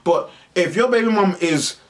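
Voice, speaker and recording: Man, vlog host, animated slangy storytelling, fairly high voice, a little far from the mic. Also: moderate pace. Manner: animated, slangy, swears freely. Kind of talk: casual storytelling monologue.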